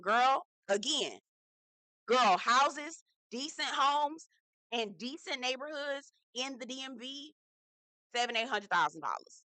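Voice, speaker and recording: A young woman gives a sassy, animated reality-show recap. She talks straight to her viewers with a bright, forceful voice. The recording is dry and close. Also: on the high side, normal speed, no room sound. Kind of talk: casual recap commentary.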